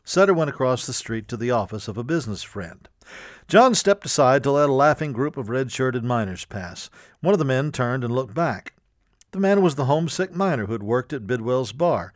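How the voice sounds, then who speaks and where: A man narrating a storybook in a steady, clear reading voice. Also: medium pitch, normal speed, dry recording, studio quality. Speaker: audiobook narrator.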